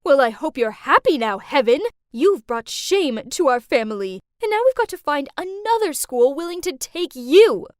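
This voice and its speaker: A woman voicing a strict, angry middle-aged mother who scolds and shouts at her daughter in an animated story. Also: fairly high pitch, normal speed, dry recording, clean studio sound. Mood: furious.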